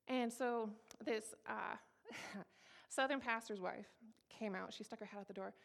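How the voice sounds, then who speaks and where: A woman in her thirties gives a personal testimony, telling her story in a candid, humorous, lively way. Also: medium pitch, normal speed, vocal fry. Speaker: speaker giving a personal testimony.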